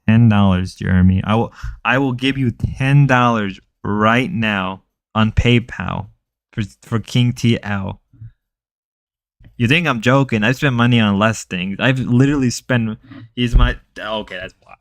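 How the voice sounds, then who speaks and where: A man's voice: lowish voice, measured pace. A man whose first language is Spanish, hosting a livestream and chatting casually and jokily with his viewers, rambling and slipping into mock voices. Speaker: livestream host. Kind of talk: casual stream chat with viewers.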